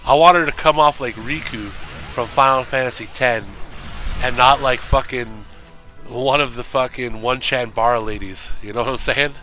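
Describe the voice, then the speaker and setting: A man's voice: mid-range voice, normal speed, sharp tone, soft background music. A man chatting casually and profanely while streaming a game, rambling and joking with viewers.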